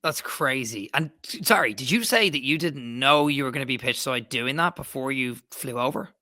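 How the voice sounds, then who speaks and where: A man hosting a casual podcast chat, his voice bright and forward. He rambles enthusiastically, cutting himself off and restarting his sentences. The sound is close and dry. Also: medium pitch, normal speed, dry recording. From Ireland. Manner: rambling, self-interrupting, enthusiastic. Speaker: podcast host.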